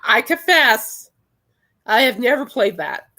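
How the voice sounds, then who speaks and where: A woman's voice: fairly high pitch, expressive, slow, pushed and bright. A young adult woman hosting a podcast in casual chat, rambling and laughing often. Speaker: podcast host.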